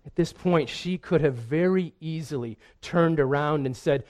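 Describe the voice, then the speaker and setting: A man's voice: fairly high pitch, normal speed, hardly any pauses, darkish tone. A man preaching a sermon in an earnest way, often repeating a word as he restarts. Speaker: pastor.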